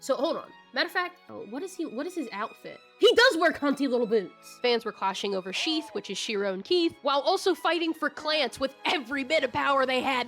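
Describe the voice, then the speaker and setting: High-voiced woman, crude joking recap. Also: lively intonation, fairly bright tone, soft background music. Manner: crude, joking, quick asides. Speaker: YouTube commentator. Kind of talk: casual recap commentary.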